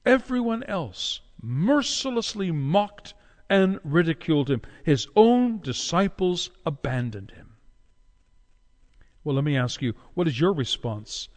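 A man preaching a sermon with dramatic delivery, swinging from loud cries to hushed low tones and slowing down for emphasis. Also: big pitch swings. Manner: slows down for emphasis. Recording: long hall reverb.

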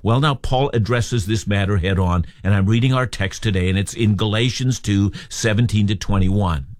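A man's voice: on the low side, moderate pace, a little mellow, no room sound, clean studio sound. A man preaching an expository sermon, emphatic and earnest as he explains a scripture passage. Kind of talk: sermon on a radio Bible program.

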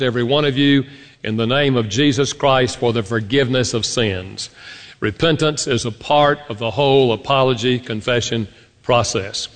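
A man preaching a sermon to a congregation, telling stories and addressing the listeners directly. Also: medium pitch. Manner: storytelling preacher, animated, addresses congregation as folks. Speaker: pastor. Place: church sanctuary. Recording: long hall reverb.

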